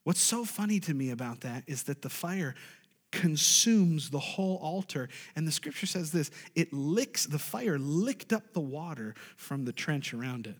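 A pastor preaching to his congregation in a high, lively voice, his words ringing through a reverberant church sanctuary. He shifts between quiet, slowed passages and sudden loud, high-pitched bursts of excitement. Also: slightly rough. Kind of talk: sermon.

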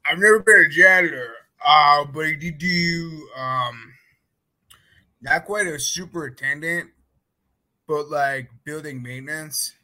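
A man's voice: on the high side, measured pace, pushed and bright, low-quality recording. A man in casual conversation, talking loosely with lots of "like" and hedging asides. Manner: chatty, hedging, many fillers. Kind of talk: casual chat.

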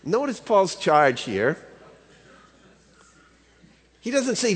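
A man's voice: sits high, sing-song, measured pace, long pauses, a bit bright, slightly rough. A man preaching a sermon as a pastor, in a conversational way that keeps asking the audience rhetorical questions. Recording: reverberant hall.

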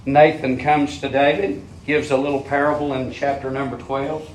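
A man preaching a sermon with fervor, asking his listeners question after question and swinging from loud, high peaks down to low, quiet asides. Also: flat delivery, normal speed, a little hiss or hum. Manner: fervent, rises to high shouting peaks then drops low; asks the congregation rhetorical questions.

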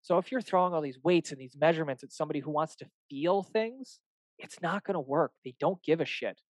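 Animated fitness coach, dry and close. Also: male voice, fairly high pitch, a little fast, no room sound, poor audio. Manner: animated, acts out client dialogues, swears casually. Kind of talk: casual podcast chat.

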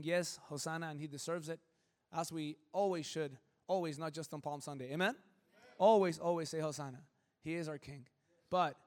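A male pastor preaching a lively, humorous sermon to his congregation, acting out quick quoted voices as he goes. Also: fairly high pitch. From Southern California. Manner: animated, joking, acts out quick quoted voices. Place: church sanctuary. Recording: long hall reverb.

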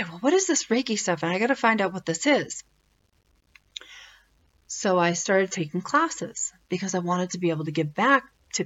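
Low-voiced woman telling her story. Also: highs cut off. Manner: conversational, rambling, with frequent fillers and restarts. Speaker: faith testimony speaker. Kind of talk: personal testimony, casual storytelling.

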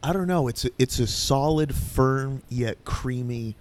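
A man's voice: medium pitch, a little slow, darkish tone. A man co-hosting a podcast, joking around in casual chat and often trailing off mid-sentence. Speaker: podcast co-host.

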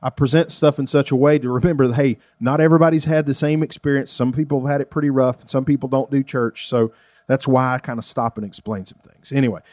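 Folksy pastor, dry close sound. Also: male voice, mid-range voice, fairly even intonation, quick pace, a little mellow, dry recording. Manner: folksy, joking, conversational preaching. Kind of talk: sermon. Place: church.

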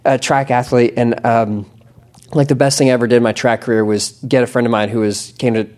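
Guy hosting a podcast, average pitch, rambly and jokey, keeps restarting his sentences. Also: steady tone, a little fast, darkish tone. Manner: joking, rambling, many restarts. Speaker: podcast host. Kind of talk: casual chat.

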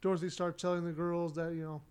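A man's voice: on the high side, little pitch movement, quick pace, a little mellow, clean tone. A man casually recapping a sitcom episode for a podcast, narrating the plot with lots of "uh" fillers.

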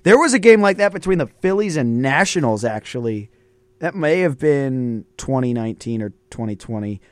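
A man's voice: medium pitch, animated, moderate pace, no room sound. A young man hosting a college radio sports talk show, in casual banter full of laughs and fillers.

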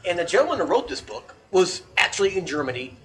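Man with a high voice, swings his pitch all over, cusses hard, casual rant. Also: quick pace. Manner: profane, animated ranting. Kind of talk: casual chat.

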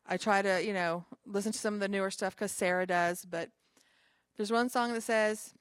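A woman's voice: medium pitch, steady tone, moderate pace, clear, resonant tone, no room sound, studio quality. A woman pastor giving an informal sermon to a small group, talking conversationally with chatty asides between scripture readings.

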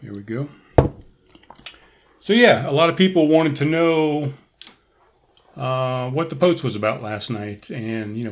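A man's voice: mid-range voice, animated, measured pace, pauses often. A man hosting a podcast as a casual livestream from home, rambling and correcting himself and laughing at his own slips. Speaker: podcast host. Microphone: headphones and camera, live stream.

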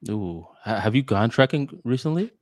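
A man's voice: mid-range voice, normal speed, no room sound. Podcast co-host, male, casual storyteller, dry close mic. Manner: storytelling, animated retelling.

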